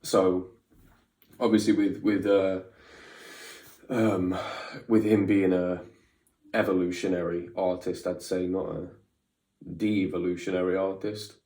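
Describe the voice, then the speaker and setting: A man's voice: deep voice, flat delivery, unhurried, long pauses, mellow, echoey room, far from the mic. A man hosting a reaction video, thinking aloud in casual commentary, repeating lines and stumbling over his words.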